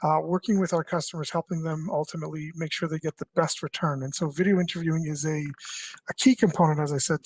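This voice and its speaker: Brisk, upbeat male webinar presenter. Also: fairly high pitch, low-quality recording. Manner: brisk, upbeat welcome and questions. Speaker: session presenter.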